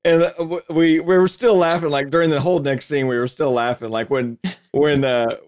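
A man with a slightly higher voice tells a funny story from his own life. He's lively and quick to laugh, and he slips into other people's voices when he quotes them. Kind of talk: casual storytelling.

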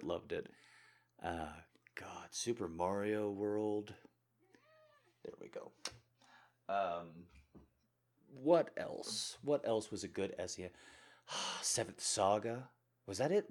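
A man hosting an audio channel, answering listener questions in a casual, jokey, animated way. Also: deep voice. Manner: animated, jokey, bursts of laughter. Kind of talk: casual Q&A chat.

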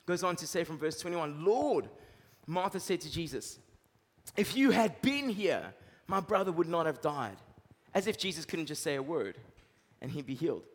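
A male pastor with a high voice preaches in a dynamic way, pushing some phrases loud and letting others drop low. His voice rings out with a long hall reverb. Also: fairly quick. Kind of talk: sermon.

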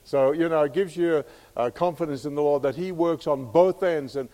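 A man's voice: a little high, moderate pace, mellow, in a large hall. A man preaching a sermon in a folksy way, with many filler sounds, asking the congregation questions as he goes.

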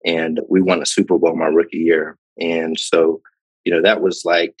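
A man from Pittsburgh in his thirties, a podcast guest telling his life story in a relaxed, reflective way with many fillers and repeated words. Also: low voice, moderate pace, breathy edge, no room sound, poor audio. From Pittsburgh, Pennsylvania, USA. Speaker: podcast guest, startup founder. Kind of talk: casual interview storytelling.

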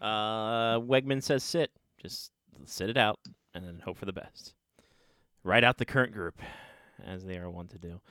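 A man's voice: lowish voice, a little slow, pushed and bright, smooth, no room sound, studio quality. A man hosting a casual sports podcast, joking loosely and polling his co-hosts. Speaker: podcast host.

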